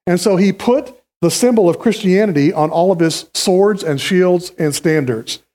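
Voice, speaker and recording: A man's voice: high-pitched, moderate pace, dark tone. A male pastor giving a conversational, teaching sermon from a church stage, calling volunteers up to act out a history lesson.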